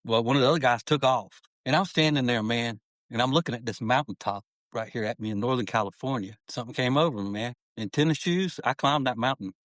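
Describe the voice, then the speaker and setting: A man's voice: mid-range voice, fast talker, fairly bright tone, no room sound. Earnest middle-aged man, dry sound. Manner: earnest, heartfelt, peppers speech with "man". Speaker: podcast guest. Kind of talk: personal storytelling in an interview.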